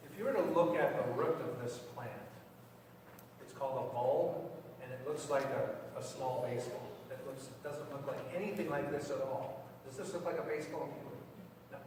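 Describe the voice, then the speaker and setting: A man's voice: mid-range voice, fairly even intonation, normal speed, a little mellow. A man preaching in a church, talking plainly with the children and asking them questions before his sermon. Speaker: pastor. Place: church sanctuary. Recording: echoey church from far off, faint hiss.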